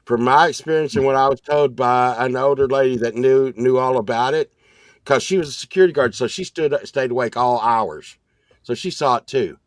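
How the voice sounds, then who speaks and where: A man co-hosting a podcast, telling stories in an animated, rambling way. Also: mid-range voice, moderate pace, no room sound. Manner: animated storyteller, excited and rambling. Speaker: podcast co-host. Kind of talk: casual storytelling chat.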